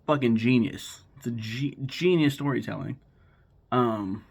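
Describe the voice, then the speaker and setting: A man's voice: medium pitch, gravelly, husky. A man in his thirties talking casually to camera, rambling and swearing as he retells plots and acts out lines. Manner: swears freely, rambles, acts out characters' lines in quick voices. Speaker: YouTuber ranking favorite cartoons.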